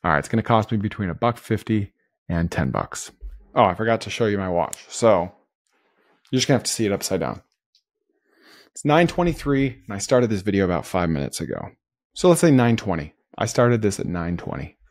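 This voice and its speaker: Upbeat guy talking thru a screen tutorial, lowish voice, dry close sound. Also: expressive, a little fast, dry recording. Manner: upbeat, talks through each click. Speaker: host. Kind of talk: screen-recorded tutorial narration.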